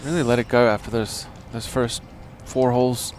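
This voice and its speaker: A man giving live golf commentary in a relaxed, chatty way, with tips and play calls. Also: mid-range voice, moderate pace, a little hiss or hum.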